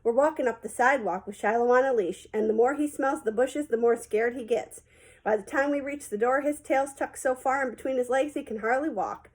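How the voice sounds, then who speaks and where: Woman, audiobook narration, folksy first-person storytelling, breathy, slightly high. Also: fairly quick, a little mellow, poor audio. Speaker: audiobook reader.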